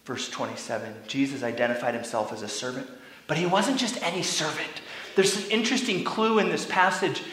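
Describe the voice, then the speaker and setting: A young adult man preaching a sermon as a pastor, telling the story with animated, acted-out lines. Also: on the high side, a little fast, reverberant, a little hiss or hum, poor audio. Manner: animated storytelling, acting out quoted lines, drops to a whisper.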